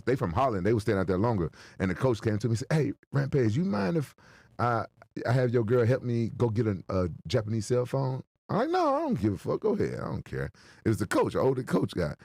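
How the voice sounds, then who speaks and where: Animated man telling loose stories. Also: medium pitch, dry recording. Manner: loud storytelling with jokes and laughter; stammers and repeats words. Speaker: podcast guest. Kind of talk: casual chat. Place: indoor podcast studio.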